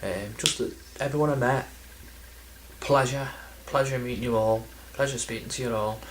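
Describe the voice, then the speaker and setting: A man talks straight to camera in a loose, rambling vlog, stumbling over words and joking about his own memory. His voice sits at a middling pitch. A faint hum of room ambience sits behind him. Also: normal speed, low-quality recording. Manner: rambling, self-deprecating, lots of ums and restarts. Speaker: video game collector vlogger. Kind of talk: casual chatty vlog.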